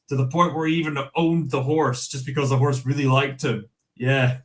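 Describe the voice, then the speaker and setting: A man's voice: mid-range voice, level tone, normal speed, hardly any pauses, poor audio. A Scottish man hosting a livestream, reading news aloud in casual chat, chuckling often and stumbling over restarts. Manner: chatty, chuckles often, many fillers and restarts. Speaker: livestream host.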